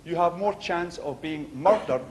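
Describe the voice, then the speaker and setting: A man's voice: a little high, unhurried, noisy background. A middle-aged man with a Glaswegian accent doing a stand-up routine, acting out the voices and exchanges in his stories. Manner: animated, acts out voices and exchanges. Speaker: stand-up comedian.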